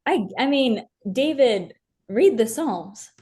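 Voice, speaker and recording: A woman's voice: a little high, expressive, takes it slowly, darkish tone. A young woman as an interview guest, talking earnestly and from the heart about her faith, with many fillers and restarts. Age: young adult.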